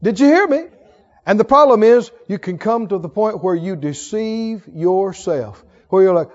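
Pastor, male, very high voice, emphatic call-and-response preaching; muffled recording in a big echoing sanctuary. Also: lively intonation, normal speed, a little mellow. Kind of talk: sermon. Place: church sanctuary. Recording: dull sound with long hall reverb.

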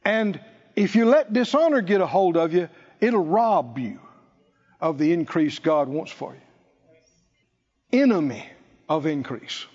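In a church sanctuary, a pastor with a husky, darkish voice pitched on the high side preaches emphatically, repeating key phrases in call-and-response with his congregation. The sound is dull and lo-fi, washed in long hall reverb.

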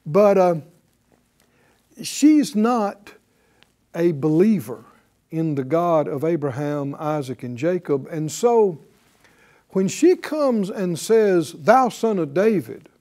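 Speaking in a fairly high, expressive and mellow voice, a man delivers a sermon as a Bible teacher. He takes it slowly, asking questions and pulling responses from the crowd.

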